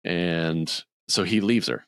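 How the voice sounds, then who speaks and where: Slow-paced and clear, this man's voice is resonant with a fairly bright tone, recorded in a studio with no echo. As a podcast co-host in casual chat, he rambles through a movie plot and acts out the characters' lines in higher voices.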